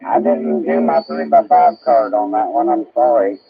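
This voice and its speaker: A man's voice: mid-range voice, big pitch swings, moderate pace, gravelly, slightly rough, lo-fi sound. A man from southern Indiana chatting and joking on a ham radio net in a friendly, talkative way. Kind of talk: casual radio chat. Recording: shortwave radio with light static.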